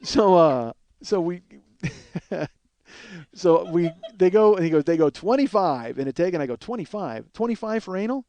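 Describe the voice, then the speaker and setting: Profane, animated man telling a comic story. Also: fairly high pitch, measured pace, no echo. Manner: profane, animated, acts out quoted dialogue. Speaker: podcast host.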